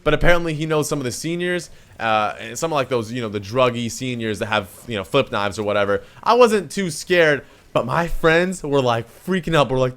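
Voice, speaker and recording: A young man from Canada, vlogging a story in casual chat, animated and swearing freely as he acts out what people said. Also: medium pitch, fairly quick, few pauses.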